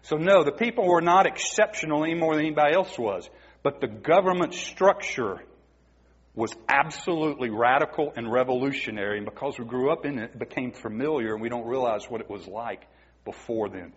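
A man's voice: medium pitch, lively intonation, a little fast, breathy edge. A man preaching a sermon, emphatic and asking the congregation rhetorical questions. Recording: dull, muffled recording in a reverberant hall.

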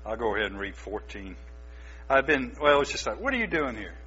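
Emphatic preaching man, bright and husky. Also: medium pitch, very animated, fairly quick. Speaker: pastor. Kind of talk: sermon. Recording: dull lo-fi recording with mains hum.

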